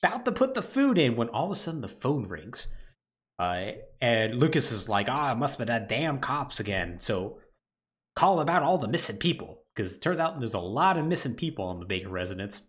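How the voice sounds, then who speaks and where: A man on a podcast, retelling a video game's plot with a lively, swinging pitch. He breaks into quick put-on voices for the characters and keeps the chat relaxed and loose. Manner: animated storyteller acting out characters' lines. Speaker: podcast co-host. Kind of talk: casual game recap chat.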